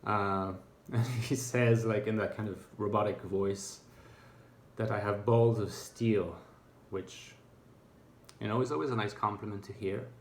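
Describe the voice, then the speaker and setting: A man's voice: on the low side, fairly even intonation, a little slow, a little hiss or hum. A man talking to camera in a reflective, casual monologue, thoughtful and hesitant, with many fillers and restarts. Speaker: YouTuber. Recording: echoey room.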